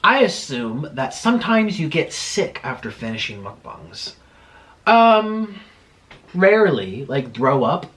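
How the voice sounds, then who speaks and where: A young man talks casually while eating on camera at home. His voice sits a little high and swings widely in pitch. He is chatty and animated, and he swears when he gets heated. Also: slow pace. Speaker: mukbang vlogger.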